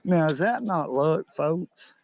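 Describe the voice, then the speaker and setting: Slow gravelly Southern fisherman. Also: fairly high pitch, expressive, no room sound. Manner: folksy, shows off the catch. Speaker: fishing video host. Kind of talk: fishing video narration.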